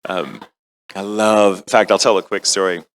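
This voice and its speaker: A man's voice: on the low side, little pitch movement, normal speed, a bit bright, clean tone. A middle-aged American man, a voice actor, chatting with fans on a convention panel in a rambling, self-deprecating way, with playful quoted asides. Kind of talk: casual panel talk to fans.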